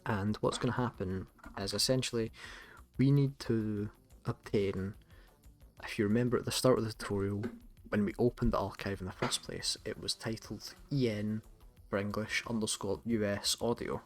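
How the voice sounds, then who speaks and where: A man with a Scottish accent, hosting a casual tutorial in a relaxed, chatty way with some self-corrections. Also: on the low side, moderate pace, faint music behind. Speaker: tutorial host. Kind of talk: casual screen-recorded tutorial.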